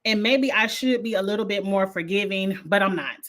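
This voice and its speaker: A woman's voice: mid-range voice, brisk. Blunt laughing woman reviewer. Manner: blunt, animated, laughs often, uses slang. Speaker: reality show reviewer. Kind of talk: casual livestream chat.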